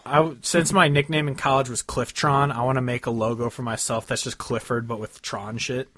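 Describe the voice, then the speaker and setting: A man in casual chat as a podcast co-host. He rambles, gets excited and swears freely while talking about songs. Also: medium pitch, brisk, slight background noise.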